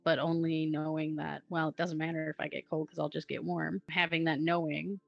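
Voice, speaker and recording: A woman telling her own story in a casual, chatty way, full of "like" fillers and quick giggles, on a slightly dull, lo-fi recording. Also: low voice, little pitch movement, creaky, dry recording. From Wisconsin, USA. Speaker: guest telling her near-death experience. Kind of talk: casual first-person storytelling.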